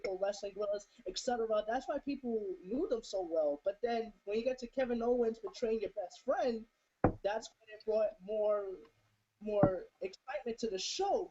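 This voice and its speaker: A woman in a casual chat, explaining points in a measured way with frequent fillers. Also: mid-range voice, dark tone. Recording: dull lo-fi.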